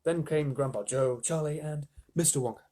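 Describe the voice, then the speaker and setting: A man's voice: on the high side, normal speed, warm tone. A man reading a children's book aloud on a live stream, with chatty asides.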